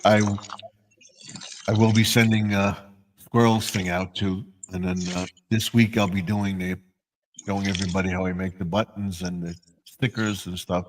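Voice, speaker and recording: A man chatting casually on a livestream, halting and full of fillers as he makes announcements. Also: low voice, level tone, background noise. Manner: halting, filler-heavy, short agreeing replies. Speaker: livestream co-host. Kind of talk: casual chat.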